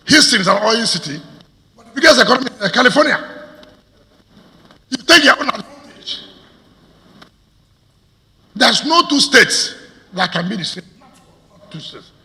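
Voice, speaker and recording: A man's voice: high-pitched, sharp tone. A man with a Nigerian accent, a state governor making a combative public address to stakeholders, firing off rhetorical questions. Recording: reverberant hall.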